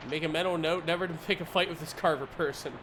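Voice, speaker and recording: A man's voice: a little high, steady tone, fast, fairly bright tone, slight background noise. A man streaming a video game, reading its text aloud with jokey asides. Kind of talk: casual game commentary.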